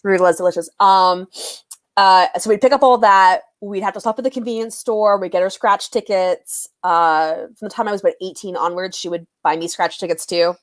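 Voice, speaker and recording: A woman's voice: medium pitch, fairly quick. A young woman chatting casually on a livestream, telling stories and laughing often.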